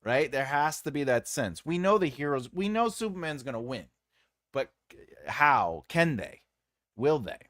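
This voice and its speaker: A man hosting a casual livestream, teaching fiction writing in an animated, jokey way that sometimes trails off into mumbles. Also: medium pitch, measured pace, dry recording, clean studio sound. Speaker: writing coach and livestream host.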